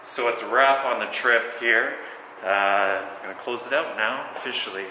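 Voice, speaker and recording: A man's voice: mid-range voice, moderate pace, sharp tone, rough recording. A man casually talking to camera as a travel vlogger at a train station, upbeat and chatty with his viewers. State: out of breath. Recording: outdoor noise, camera mic.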